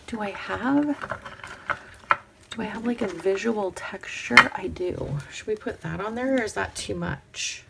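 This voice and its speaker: Woman crafting-vlog host, slow and unhurried, slight vocal fry, faint hiss behind. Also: medium pitch. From Pacific Northwest. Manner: chatty, talks to herself while working, drops to soft whispers. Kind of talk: casual crafting vlog chat.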